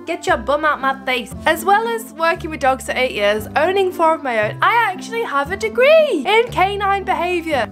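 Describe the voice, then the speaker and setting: Woman vlogger, high voice that swoops all over, playful and self-deprecating. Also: fairly bright tone. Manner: rambling, self-mocking, playful. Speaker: vlogger and dog trainer. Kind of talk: casual chatty vlog. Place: at home with her dogs.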